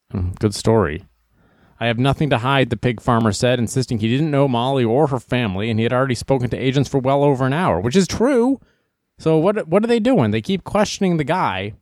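A young man hosting a comedy news show, joking and rambling through stories with quick asides. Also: medium pitch, a little mellow, no echo, clean studio sound. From Boston area. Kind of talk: casual comedic news commentary.

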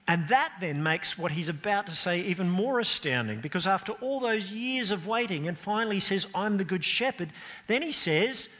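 A man's voice: sits high, animated, moderate pace, few pauses, bright, forceful tone. A man preaching a sermon, earnest and emphatic, his voice climbing and dropping to stress points. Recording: long hall reverb.

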